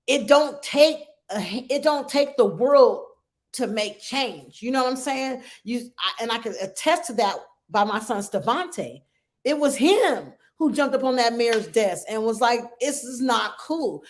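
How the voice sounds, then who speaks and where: A woman's voice: on the high side, animated, unhurried. A middle-aged woman hosting a support group for grieving mothers, telling a story in an earnest, emotional way and often checking in with "right?" and "okay?".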